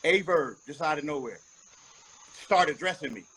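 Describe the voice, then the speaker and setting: A man's voice: a little high, animated, normal speed, fairly bright tone, slightly rough, poor audio. A man giving an interview as a rapper, talking bluntly and emphatically, with frequent profanity. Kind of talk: candid interview talk.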